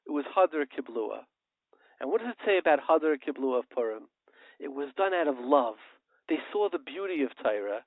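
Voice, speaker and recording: Impassioned high-voiced man over a tinny line. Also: dry recording. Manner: impassioned, rhetorical questions, tells parables. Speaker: radio show host. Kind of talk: preachy radio monologue. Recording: tinny phone-like line, dry.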